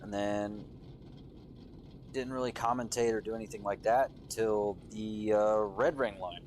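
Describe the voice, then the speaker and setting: A man doing live play-by-play commentary on a drift competition from a commentary booth, excitable and swearing casually, his voice jumping up on big moments. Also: lowish voice, unhurried, a little hiss or hum.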